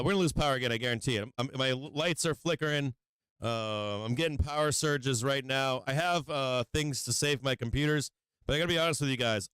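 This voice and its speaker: A man hosting a live stock market stream from his home office, swearing constantly and talking in an agitated, rapid-fire way. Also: medium pitch, fairly bright tone, clear, resonant tone, no room sound. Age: adult with children. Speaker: stock market livestream host. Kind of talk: live market commentary to viewers.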